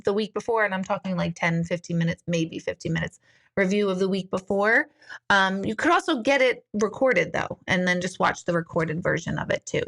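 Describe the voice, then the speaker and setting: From a room at home, a woman hosts a casual live-stream Q&A on a device mic, her mid-range voice fairly bright with some vocal fry. She speaks informally, reads viewer comments aloud and laughs easily.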